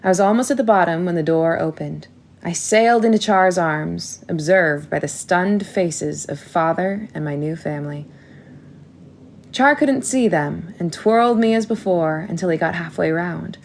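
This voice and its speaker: A woman narrating a first-person audiobook in a measured storytelling manner. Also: fairly low pitch, creaky, darkish tone.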